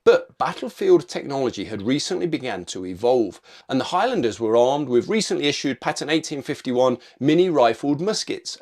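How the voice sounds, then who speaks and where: A man's voice: on the high side, a little mellow. A man narrating a military history video in a punchy, informal scripted style with casual asides.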